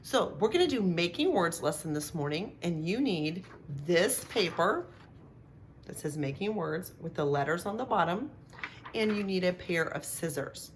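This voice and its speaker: A middle-aged woman teaching a remote phonics lesson to young children, speaking slowly and clearly with encouraging sound-outs. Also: on the low side, slight background noise. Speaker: kindergarten teacher.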